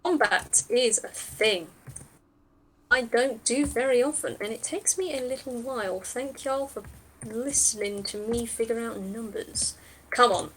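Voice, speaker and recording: A woman with a fairly high voice runs a tabletop game as game master. She is chatty and thinks out loud, filling her narration with ums and small asides. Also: measured pace, a little hiss or hum. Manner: chatty, thinks aloud, many fillers.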